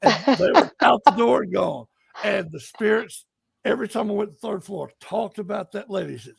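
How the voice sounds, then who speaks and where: Male investigator, lively high voice, animated storyteller. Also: brisk, creaky, breathy edge, dry recording. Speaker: paranormal investigator. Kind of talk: casual storytelling on a live stream.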